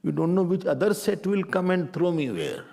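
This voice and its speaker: A middle-aged man with an Indian accent, teaching a spiritual class in a lively, playful way. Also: high-pitched, moderate pace, creaky. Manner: animated, playful, mixes Hindi phrases. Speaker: Vedanta teacher.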